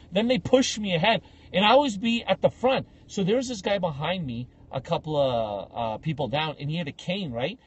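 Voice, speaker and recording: Casual male podcast host, husky and higher-pitched, animated storyteller. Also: fairly quick, dull audio. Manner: animated, acts out people in his stories.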